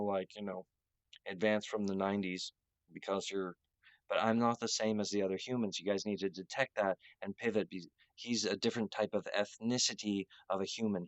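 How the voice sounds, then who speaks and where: A man with a fairly low voice talks to camera in a halting, rambling way, full of fillers and false starts. At times he slows into solemn phrases set out one by one. The sound is dry and dull, like a lo-fi home recording. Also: no echo. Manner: slow, solemn declaiming in short phrases. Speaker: video host.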